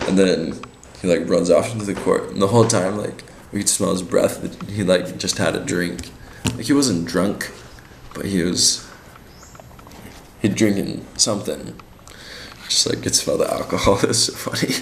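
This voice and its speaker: A man's voice: deep voice, moderate pace, gravelly, roomy sound, slight background noise. A young man on a mission, telling his week in a casual, slangy video diary. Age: young adult. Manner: laid-back and slangy, many fillers.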